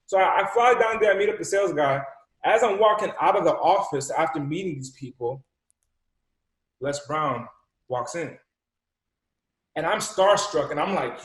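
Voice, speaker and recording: A man from Rhode Island, an entrepreneur and speaker telling a personal story in an animated way, acting out the dialogue and repeating words. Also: a little high, normal speed. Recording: echoey room.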